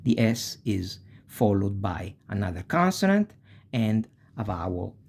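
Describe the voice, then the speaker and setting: Man, Italian accent, language teacher, very slow, husky, syllable by syllable. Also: lowish voice, big pitch swings, darkish tone. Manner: slow, spells out syllables, tags with "eh?". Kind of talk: language lesson.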